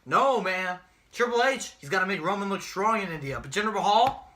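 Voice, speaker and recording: A young man co-hosting a casual wrestling predictions podcast, ranting and cursing, rising into shouts when angry. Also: high-pitched, expressive, fairly quick. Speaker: podcast co-host.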